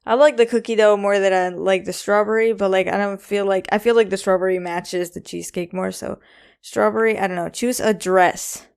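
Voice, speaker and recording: A woman's voice: medium pitch, fairly even intonation, fairly quick, creaky, darkish tone, smooth. A young woman hosting a casual solo podcast, rambling with lots of ums and likes, a bit anxious and self-conscious. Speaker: podcast host.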